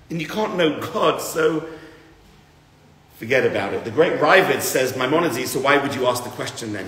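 A man teaching a class as a rabbi to a live group, animated, swinging from loud emphatic bursts to quiet asides. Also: on the high side. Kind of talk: lively lecture to a live group. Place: large room with an audience. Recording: roomy hall with long reverb.

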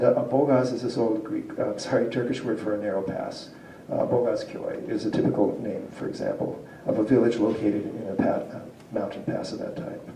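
A man's voice: medium pitch, dark tone, slight background noise. Man lecturing from afar in a roomy hall. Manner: hesitant, many fillers and restarts. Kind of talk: academic lecture with slides. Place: civic centre lecture hall. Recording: roomy distant hall recording.

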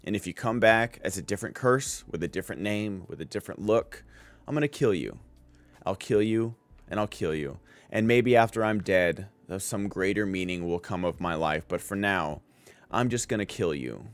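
A man voicing a young male fighter who has turned cold and resolved, speaking low, quiet and flat. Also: normal speed, no echo.

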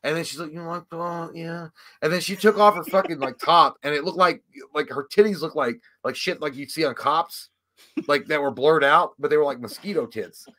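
A man in his thirties telling a rambling, profane story in casual chat and loudly acting out the other people's lines. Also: a little high, a little fast. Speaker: podcast co-host.

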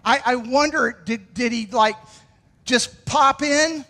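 In a church sanctuary, a high-voiced pastor preaches a sermon slowly, casual and energetic, calling on the congregation to repeat his words. The hall gives his voice a long reverb.

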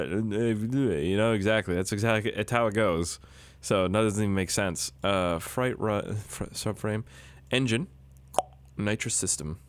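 A young man giving rambling, casual commentary over a driving game, swearing and yelling when things go wrong. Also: fairly low pitch, measured pace, no echo. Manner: rambling, excitable, swears, yells when the car crashes. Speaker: gaming YouTuber. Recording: noisy game audio behind the voice. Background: car engine sounds from the game.

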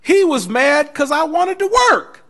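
A man, a pastor, teaching a Bible class in a lively preaching style, telling stories and acting out quoted voices. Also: very high-pitched, measured pace, gravelly. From United States. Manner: animated preaching with storytelling, laughing asides; acts out quoted voices in dialogue.

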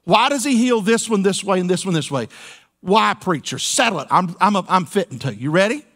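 High-voiced preacher, folksy and playful. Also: male voice, animated, a little fast, a bit bright. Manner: folksy, playful preaching with call-and-response asides. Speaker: senior pastor. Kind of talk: sermon. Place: church sanctuary.

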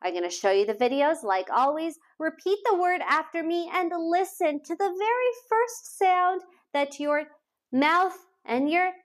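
Young lady teacher doing a kids phonics lesson, high bright voice, slow and sing-songy. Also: lively intonation. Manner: slow, sing-song and encouraging, sounding out letters. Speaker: children's teacher.

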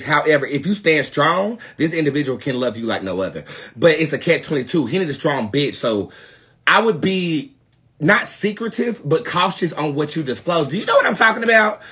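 A man's voice: medium pitch, husky. Sassy Southern man reading tarot live. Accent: Southern US, North Carolina. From North Carolina. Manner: sassy, profane, swings from loud to murmured asides. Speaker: tarot reader, live show host. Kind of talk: live-stream tarot reading, chatting to viewers.

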